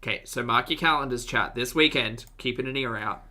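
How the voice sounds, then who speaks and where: Sarcastic, bright-voiced reaction host. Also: mid-range voice, a little fast. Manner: wry, sarcastic asides, exasperated outbursts. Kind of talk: commentary over clips.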